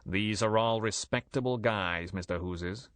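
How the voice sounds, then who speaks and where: A man's voice: on the low side, a little slow, a bit bright, no echo. A man voicing a touchy, menacing gangster boss who talks in blunt, curt phrases.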